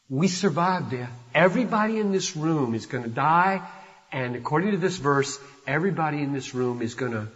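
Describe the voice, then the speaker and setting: Older man preaching in a hall. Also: mid-range voice. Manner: impassioned preaching, swelling from hushed to loud and urgent. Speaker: pastor. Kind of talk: sermon. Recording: dull, echoey hall recording.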